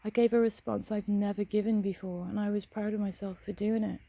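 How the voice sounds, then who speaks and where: A woman's voice: mid-range voice, steady tone, brisk, vocal fry, dark tone, no echo. A young woman ranting bluntly to camera, swearing often and speaking frankly. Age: young adult. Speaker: vlogger. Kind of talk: casual ranting monologue.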